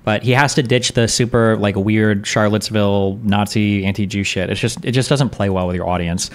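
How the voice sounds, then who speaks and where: A man's voice: lowish voice, steady tone, brisk. A man commenting live on his stream in a blunt, mocking, profane way. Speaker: streamer reacting to clips.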